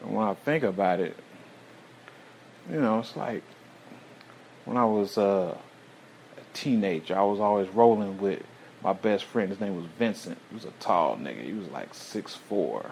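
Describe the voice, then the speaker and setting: A man's voice: on the low side, animated, creaky, a little mellow, slight background noise. A man hosting his own show, telling a rambling personal story full of slang and swearing, sighing between thoughts. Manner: loose, slang-heavy, swearing constantly, drawn-out sighs. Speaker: show host. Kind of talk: profane storytelling monologue.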